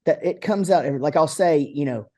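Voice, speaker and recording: A man's voice: a little high, fast talker, a little mellow. A middle-aged man from Texas, a guest musician, talking in a casual interview, rambling with plenty of fillers and restarts. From Texas, USA.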